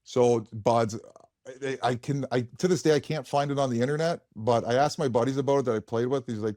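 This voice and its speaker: A man's voice: medium pitch, a little fast, mellow, no echo, studio quality. A man in his thirties, a former pro hockey player, telling stories in casual chat, laughing often and rambling with many restarts.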